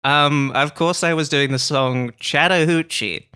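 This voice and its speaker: Jokey West Country man, bright voice. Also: on the high side, clear, resonant tone. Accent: West Country English. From West Country, England. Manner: jokey, quick to laugh. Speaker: podcast host. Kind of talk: casual podcast chat.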